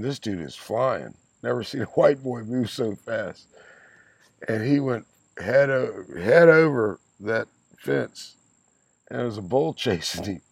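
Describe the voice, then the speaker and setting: A man's voice: lowish voice, vocal fry, slightly rough, no room sound. A man in his sixties on a podcast, telling rambling anecdotes in a casual chat, laughing often and swearing freely. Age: 60s. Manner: rambling anecdotes, frequent laughter, crude language. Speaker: podcast guest, father of the host.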